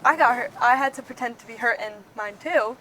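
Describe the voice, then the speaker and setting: A woman guest shares a memory in a light, laughing way. Her voice is quite high. A clear hiss runs under the recording. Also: a little fast. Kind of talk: casual chat among friends.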